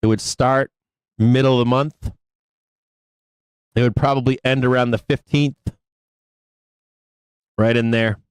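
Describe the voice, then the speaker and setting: A man hosting a live stock market show, giving casual trading commentary in a rambling, profane way with many fillers and quick bursts. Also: mid-range voice, fairly even intonation, smooth, no room sound, low-quality recording.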